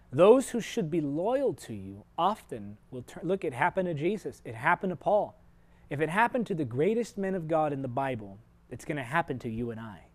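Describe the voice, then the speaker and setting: An earnest male preacher with a fairly high voice, teaching a televised sermon. He speaks straight to the viewers, swinging from loud, emphatic points to hushed, personal asides. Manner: earnest, shifts sharply between loud emphasis and quiet asides; direct, personal address to viewers.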